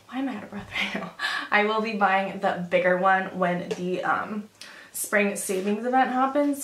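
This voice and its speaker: A woman's voice: medium pitch, fairly bright tone. A young woman chatting casually through a beauty and clothing haul, filling her talk with "like" and "um.". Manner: chatty, filler-heavy, says "like" often. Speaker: beauty vlogger. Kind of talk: casual try-on haul chat. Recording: roomy echo.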